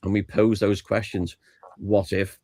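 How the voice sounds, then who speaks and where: British man, low-pitched, dry close sound. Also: measured pace, no echo, low-quality recording. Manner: relaxed, chatty, hesitant restarts. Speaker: guest author and historian of a band. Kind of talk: casual interview chat. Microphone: video call.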